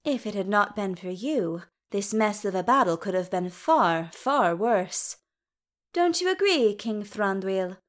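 A woman voicing a wry dwarf queen regent who speaks in a sweetly teasing, lively way. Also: mid-range voice, measured pace, close to an everyday voice. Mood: gently pointed.

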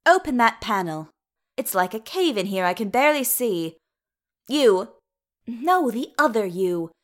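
A woman voicing a fierce, bossy dwarf mother who snaps orders and scolds in a sharp, commanding way. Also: a little high, big pitch swings, unhurried.

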